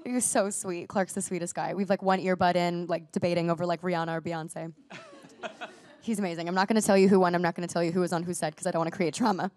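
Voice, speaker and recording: Low-leaning, steady and darkish, a young woman's voice carries a casual interview chat in which she is the actress guest. She is bubbly, uses "like" heavily, restarts quickly, and still coughs from a recent illness.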